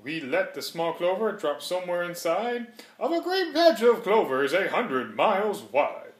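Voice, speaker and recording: A man reads a rhyming storybook aloud with a rhythmic, sing-song bounce. His voice sits a little high and swings widely, and a roomy echo surrounds it. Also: sing-song, a little slow. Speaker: reader.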